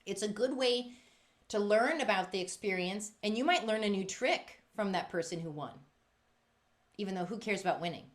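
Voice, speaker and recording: Animated woman giving a teaching talk. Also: normal speed. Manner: lively, emphatic, acts out quotes with big pitch jumps. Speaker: violin teacher and presenter.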